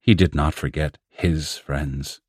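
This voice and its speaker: A man reading a science fiction story aloud in a measured, steady narration. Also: very deep voice, husky, no echo, clean studio sound. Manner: steady, measured reading with raised voices for quoted characters. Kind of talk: scripted audiobook narration.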